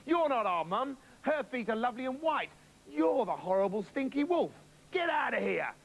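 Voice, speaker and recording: A man's voice: extremely high pitch, big pitch swings, moderate pace, pitched above the performer's own voice, exaggerated voice. A man voicing cheeky, bossy little goat kids in a comic children's story. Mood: scolding. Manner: cheeky and mouthy.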